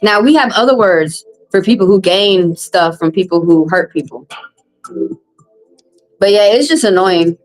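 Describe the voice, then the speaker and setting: A woman's voice: a little slow, long pauses, faint music behind, rough recording. Profane woman venting on a livestream. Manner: blunt and profane, vents with rising pitch. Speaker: tarot reader and live stream host. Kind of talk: casual live-stream rant to viewers.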